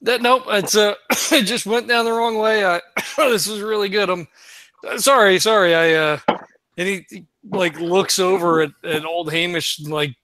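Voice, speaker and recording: High-voiced man stammering in a role-play game. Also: moderate pace, bright, forceful tone, no room sound. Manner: hesitant, awkward, stammering. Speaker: player.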